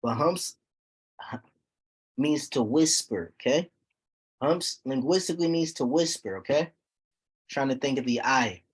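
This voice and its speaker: Man, husky voice, teacher in a classroom, repeats himself, keeps asking if students follow. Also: medium pitch, animated, unhurried, long pauses. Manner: repeats points, checks students with "okay?". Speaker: Quran recitation teacher. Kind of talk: classroom lesson.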